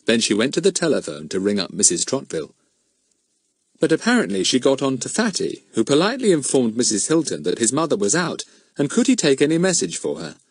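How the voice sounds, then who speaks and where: Expressive man narrating a children's book. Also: mid-range voice, brisk, slightly rough, no echo. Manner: expressive storytelling. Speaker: audiobook narrator. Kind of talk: scripted narration.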